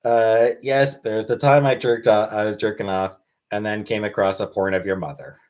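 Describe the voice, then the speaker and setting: A man hosting a casual livestream Q&A, reading chat questions aloud and answering in a wry, deadpan way. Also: lowish voice, normal speed. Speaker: livestream host.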